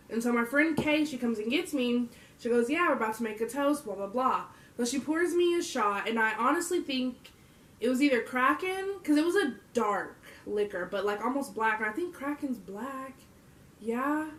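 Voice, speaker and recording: A woman's voice: fairly high pitch, a bit bright, recorded from a distance. A young adult woman vlogging, telling a story to camera in a casual, slangy way and laughing often. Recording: roomy echo.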